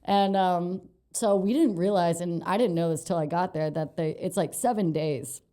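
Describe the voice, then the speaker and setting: A woman's voice: lowish voice, moderate pace, mellow. A young adult woman, a comedian, telling a story in casual, profane podcast chat and laughing often. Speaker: comedian guest.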